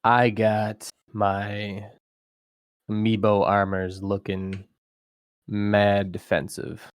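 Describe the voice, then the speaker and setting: A man's voice: fairly low pitch, little pitch movement, drawn-out words, clear, resonant tone, dry recording, clean studio sound. A man in his thirties co-hosting a podcast in casual chat, teasing and drawing out his slang. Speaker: podcast co-host.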